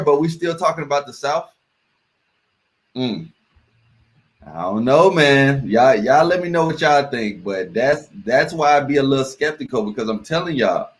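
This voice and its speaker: A man hosting a reaction video, talking casually and emphatically to his viewers and repeating words for stress. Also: medium pitch. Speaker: reaction channel host.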